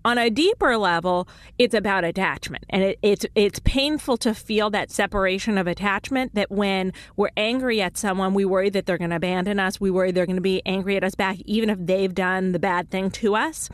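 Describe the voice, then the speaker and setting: A woman in her thirties hosts a call-in radio show offering relationship advice, explaining things quickly with many restarts and laughing easily. Her voice is mid-range, with no echo.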